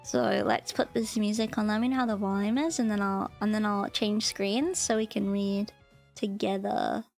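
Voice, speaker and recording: A woman's voice: medium pitch, steady tone, moderate pace, vocal fry, soft background music. A woman streamer chatting casually and playfully with her viewers, often thanking them. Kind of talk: casual live-stream chat.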